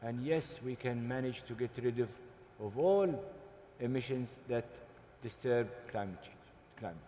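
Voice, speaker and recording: A man speaking on a forum panel, deliberate and emphatic, pausing often with hesitations. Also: medium pitch, mellow, a little hiss or hum. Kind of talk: panel discussion. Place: large conference hall. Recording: hall reverb, faint ambience.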